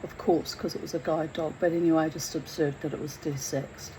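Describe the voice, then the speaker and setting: A woman telling her own story in a candid, blunt and animated way, swearing freely as she goes. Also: deep voice, a little fast, a little hiss or hum, rough recording. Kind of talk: candid first-person storytelling.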